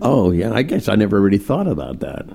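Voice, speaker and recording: A man's voice: lowish voice, sing-song, fast, creaky, mellow, slight background noise. A man co-hosting a casual chat, rambling and repeating words as he talks.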